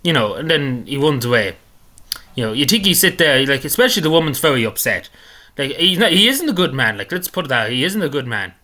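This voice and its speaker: A man's voice: mid-range voice, big pitch swings, brisk, pushed and bright. A man giving rambling, indignant commentary on a video clip, repeating himself often. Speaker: political commentator.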